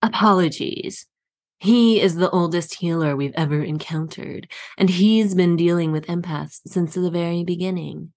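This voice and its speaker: A woman voicing a groveling male royal spy master who speaks slowly in a simpering, ingratiating way. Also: fairly low pitch, a little mellow, close to an everyday voice.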